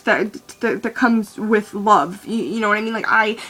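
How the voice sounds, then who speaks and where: A woman's voice: medium pitch, normal speed, a bit bright. A young woman venting in a rambling, profane monologue full of restarts. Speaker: vlogger.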